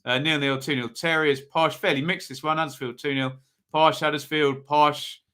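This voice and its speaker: A man's voice: on the high side, fairly even intonation, normal speed, bright, forceful tone. A man hosting a live football predictions stream, chatting casually, thinking aloud and reading out viewers' comments.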